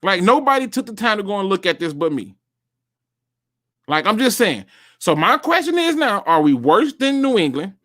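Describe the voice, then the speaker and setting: A man with a high voice speaks at a moderate pace while hosting a solo sports talk show. He's animated, addresses his viewers directly, and reacts to what he reads aloud.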